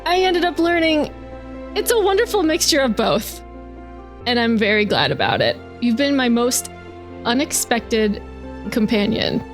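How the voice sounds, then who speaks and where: A woman's voice: fairly high pitch, very animated, unhurried, soft background music. A woman playing a tabletop role-playing game, delivering theatrical in-character vows with playful laughter. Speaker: player.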